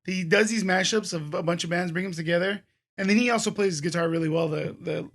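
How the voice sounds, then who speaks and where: High, bright-voiced rambling guy. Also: brisk, gravelly. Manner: rambling, many fillers like "like". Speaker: podcast co-host. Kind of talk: casual chat.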